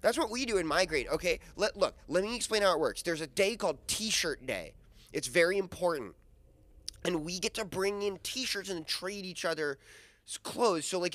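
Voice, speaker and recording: A man's voice: high-pitched, bright, forceful tone, no echo. A man playing an eager eleven-year-old boy who rambles with lots of fillers.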